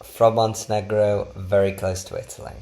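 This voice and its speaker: This podcast co-host has a lowish, dark voice, speaking at normal speed with a level tone. In a casual chat about travel, he rambles and pokes fun at himself.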